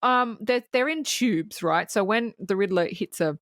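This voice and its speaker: A woman co-hosting a movie podcast, retelling a film's plot with lively, profane enthusiasm and a ready laugh. Her voice sits at an ordinary pitch and sounds dry and close, with no room around it. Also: unhurried, no room sound. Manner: animated storytelling, swears freely, laughs often. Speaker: podcast co-host. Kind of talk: casual movie-review chat.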